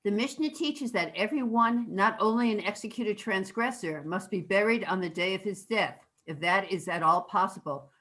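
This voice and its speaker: A woman's voice: medium pitch, moderate pace, hardly any pauses, rough recording. Woman reading a text aloud. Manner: steady, careful reading. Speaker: student reading aloud in class.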